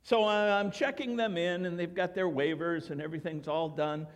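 An older man, a grandfather, preaching a sermon in a church and telling stories with lively quoted voices. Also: high voice, moderate pace, big-room sound. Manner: storytelling, animated, acts out quoted voices. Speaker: pastor. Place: church sanctuary.

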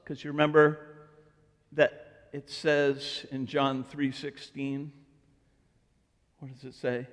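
A man preaching as pastor of his church, telling stories and acting out both sides of conversations, with big swings between loud and quiet. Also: slow, pauses often. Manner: animated storytelling, acting out dialogue with swings of pitch and volume. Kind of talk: sermon. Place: church sanctuary. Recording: long hall reverb.

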